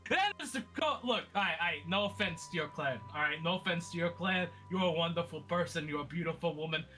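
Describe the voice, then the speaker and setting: A brash, hot-tempered brawler with a crude mouth, played by a man in a tabletop game. The voice sits high and bright, and he rambles through long, profane rants. Music plays faintly behind him. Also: animated, brisk. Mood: ranting. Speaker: player voicing his character.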